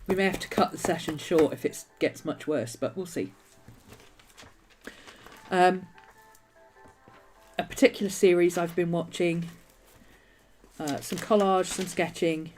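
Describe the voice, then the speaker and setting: A woman with a slightly low voice chats casually through her journals in a home vlog. She rambles and doubles back on her thoughts, and a nagging cough keeps bothering her. Faint music plays quietly behind her. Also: unhurried, long pauses. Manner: chatty, meandering, restarts thoughts often. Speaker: journaling video host.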